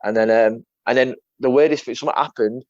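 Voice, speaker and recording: Fast-talking young fighter. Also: male voice, mid-range voice, fairly even intonation, a little mellow, no room sound. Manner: rambling storyteller, swears, keeps saying mate. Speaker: MMA fighter guest. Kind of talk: casual chat. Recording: dull lo-fi sound.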